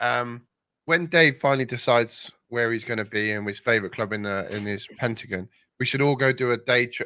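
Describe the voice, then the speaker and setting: A man's voice: lowish voice, sharp tone, dry recording. A man hosting a casual podcast, upbeat and leading the segments. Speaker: podcast host. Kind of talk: casual chat.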